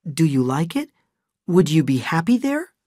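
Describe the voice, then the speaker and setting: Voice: medium pitch, very animated, normal speed, mellow, no echo, clean studio sound, pitched above the performer's own voice. A reader voicing an eager, hopeful young husband in a storybook reading, speaking up with a raised voice.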